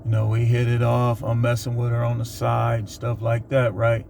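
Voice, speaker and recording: Guy putting on his chill coworker buddy, low-key confiding, faint noise in the background. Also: completely flat delivery, normal speed, vocal fry, a little mellow, close to an everyday voice. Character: laid-back male coworker telling a cheating story.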